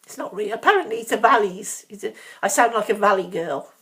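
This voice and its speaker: Here a middle-aged Brummie woman vlogs with lively intonation at a slightly quick pace, her pitch medium. Hailing from Birmingham, she talks frankly and chattily, rambling with plenty of ums and asides.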